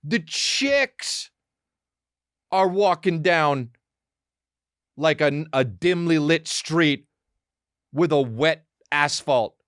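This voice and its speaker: A man hosting a podcast, riffing in a rambling comic monologue, excitable and profane, with quick acted asides. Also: a little high, no echo, clean studio sound. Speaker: podcast host.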